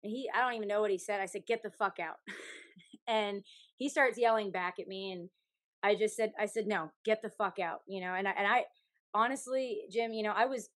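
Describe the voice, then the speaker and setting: A young Canadian singer, appearing as a podcast guest, tells a story candidly in a frank, animated way, swearing freely and laughing often. Her voice is medium-pitched at a normal speed, with no echo.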